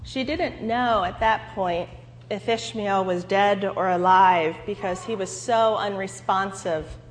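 Woman pastor, earnest sermon, slow delivery, long hall reverb. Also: mid-range voice, a little hiss or hum. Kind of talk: sermon with storytelling.

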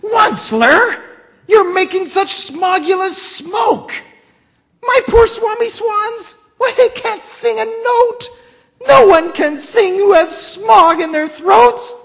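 The Lorax, shrill and scolding. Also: male voice, takes it slowly, long reverb tail, heavily acted. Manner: shrill, shouting, coughing and croaking. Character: fussy small male forest creature, scolding. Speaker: preacher reading a story aloud.

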